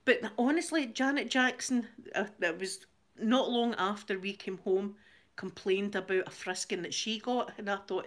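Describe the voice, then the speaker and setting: A woman's voice: mid-range voice, expressive, normal speed, fairly bright tone. A Scottish woman hosting her channel, telling a rambling story in casual chat, laughing often and repeating words as she goes. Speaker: channel host.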